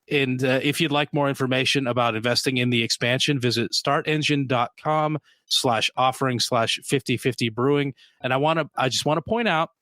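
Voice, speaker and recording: A man's voice: mid-range voice, fairly bright tone, no room sound. A man co-hosting a beer podcast, talking casually and rambling with lots of ums and restarts. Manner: rambling, with many fillers and restarts. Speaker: podcast co-host. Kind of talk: casual chat.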